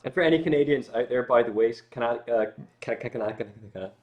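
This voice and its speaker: A man's voice: medium pitch, fast talker, phone-quality sound. A Scottish man chatting casually as a guest on a livestream, rambling with lots of filler words and jokey asides. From Scotland. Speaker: guest musician.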